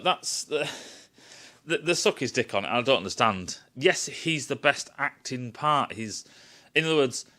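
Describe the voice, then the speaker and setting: A man's voice: mid-range voice, sharp tone. Sweary man ranting about films. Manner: profane, sarcastic, mocking. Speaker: film reviewer. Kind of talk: casual ranting film critique.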